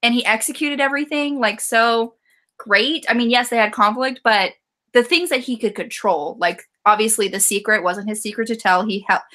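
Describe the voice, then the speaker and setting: Bright animated woman retelling scenes. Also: a little high, moderate pace. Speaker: book club host. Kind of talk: casual book discussion. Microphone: video call.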